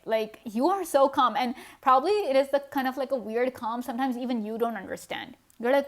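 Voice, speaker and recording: A woman reads tarot cards in a relaxed, conversational way. Her voice sits a little high. She speaks directly to the viewer, dropping in "you know" and soft laughs as she goes. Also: normal speed. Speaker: tarot card reader. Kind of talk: casual pick-a-card tarot reading.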